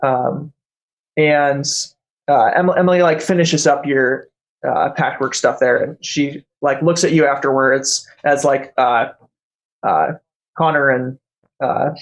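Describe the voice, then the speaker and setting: Male game master; halting, filler-heavy narration. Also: mid-range voice, highs cut off. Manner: hesitant, full of fillers.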